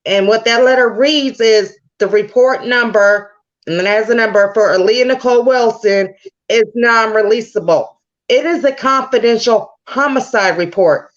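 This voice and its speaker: A woman's voice: fairly high pitch, normal speed, highs cut off. A woman guest speaking firmly and insistently in a livestream interview, repeating her point. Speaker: guest, victim's mother.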